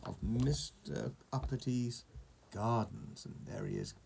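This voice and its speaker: A man reads a children's story aloud in a gravelly, mid-pitched voice. He stops often to chat with the young listener about the pictures. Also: huge pitch swings, takes it slowly, slight background noise. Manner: warm, chatty asides to a child.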